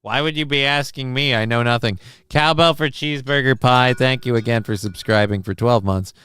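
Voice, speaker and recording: A man hosting a live stream, reading viewer messages aloud in a rambling, deadpan way with lots of fillers. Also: medium pitch, normal speed, clean tone. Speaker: live-stream show host.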